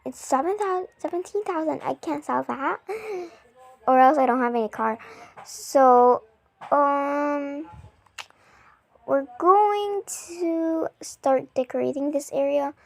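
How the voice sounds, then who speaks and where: A young woman casually narrating her gameplay, rambling with lots of fillers and excited gasps. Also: high-pitched, slow pace, gravelly, no echo. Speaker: gaming vlogger. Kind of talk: casual game commentary.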